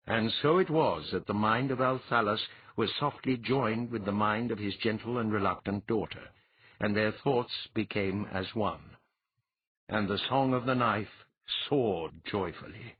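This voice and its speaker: A man narrating a fantasy audiobook in a measured, old-fashioned storytelling manner. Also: lowish voice, breathy edge, dry recording. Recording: muffled, narrow phone-like sound.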